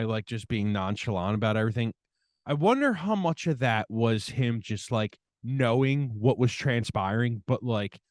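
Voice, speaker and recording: A man's voice: medium pitch, a little mellow, no room sound, studio quality. A man co-hosting a podcast, talking in a loose, rambling way and swearing casually. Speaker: podcast co-host. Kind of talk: casual chat.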